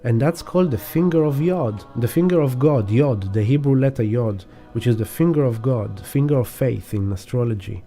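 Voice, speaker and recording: A man's voice: mid-range voice, normal speed, hardly any pauses, warm tone, soft background music. A man giving a rambling spiritual astrology talk, casually swearing and acting out examples. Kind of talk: spiritual teaching monologue.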